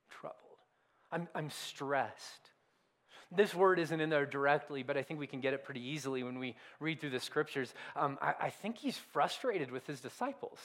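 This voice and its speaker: A man's voice: fairly high pitch, fairly bright tone. A man preaching a sermon in a conversational, questioning way. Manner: conversational, self-deprecating preaching with rhetorical questions. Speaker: pastor.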